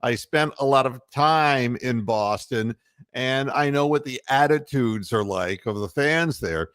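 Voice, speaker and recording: A man's voice: medium pitch, a little slow, a bit bright, clear, resonant tone, no echo, studio quality. A man from Ohio hosting a casual sports talk show, rambling and heated, full of fillers and mocking quotes. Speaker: podcast host.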